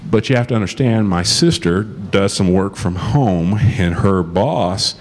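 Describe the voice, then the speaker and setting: Low-voiced man giving a joking conference talk. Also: unhurried. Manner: casual and joking, acts out quoted dialogue. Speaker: conference speaker, law lecturer. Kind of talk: conference talk to a live audience. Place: conference hall.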